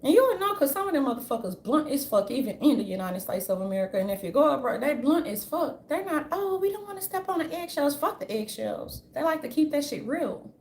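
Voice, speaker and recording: A woman's voice: sits high, big pitch swings, fairly quick, hardly any pauses, darkish tone. A woman vlogger ranting in a casual, blunt way, swearing freely and restarting her sentences as she goes. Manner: blunt, profane, rambling, with many restarts. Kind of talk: casual opinion rant. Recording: roomy echo, faint ambience.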